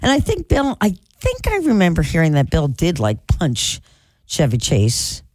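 A man hosts a rock radio show in casual on-air banter, telling anecdotes with playful asides. His pitch swings around a lot. The studio sound is dry and close. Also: wildly swooping pitch, normal speed, darkish tone, no echo. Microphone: studio mic.

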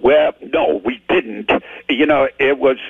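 A man's voice: medium pitch, slow, vocal fry, dry recording. An older man with a Geordie accent from Newcastle, telling stories as a rock singer in a chatty, self-deprecating way with lots of restarts. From Newcastle, England. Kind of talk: casual storytelling interview. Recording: tinny phone-line radio interview.

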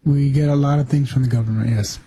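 A man co-hosting a talk radio show, answering the host's questions in a laid-back, agreeable way. His voice is dark and mellow with a husky rasp, and it sounds dry and close to the mic. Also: medium pitch, steady tone, fast talker, no room sound, rough recording. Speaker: radio co-host. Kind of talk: casual studio banter.

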